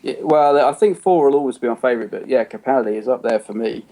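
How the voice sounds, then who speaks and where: A man's voice: medium pitch, fast, mellow. A man co-hosting a podcast in casual chat, rambling a little and laughing often. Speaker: podcast co-host.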